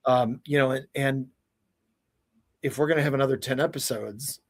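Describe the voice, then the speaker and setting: A man's voice: medium pitch, normal speed. A man guesting as an entertainment expert on a video call, talking casually with lots of laughter and swearing. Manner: animated, laughs a lot, swears freely. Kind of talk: casual chat.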